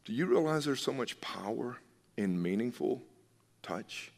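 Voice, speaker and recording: A man's voice: medium pitch, lively intonation, a little slow, gravelly, darkish tone, long reverb tail. A man, a pastor, preaching a sermon in an earnest, emphatic way, repeating his key phrases.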